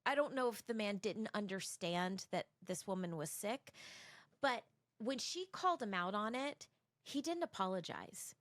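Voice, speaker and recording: A woman co-hosting a casual podcast, telling a story with lively energy and acting out the people in it. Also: medium pitch, normal speed, no room sound. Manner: animated storyteller, acts out quoted people. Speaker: podcast co-host.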